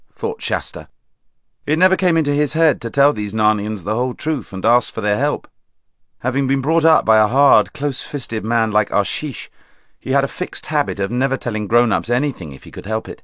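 Expressive male storybook narrator. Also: mid-range voice, moderate pace, no room sound, studio quality. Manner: expressive, varied voices. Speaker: audiobook narrator.

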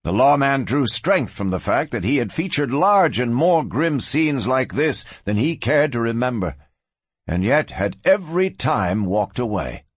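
Husky male audiobook narrator. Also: medium pitch, a little slow, no room sound. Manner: dramatic, expressive reading. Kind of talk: scripted narration of a western.

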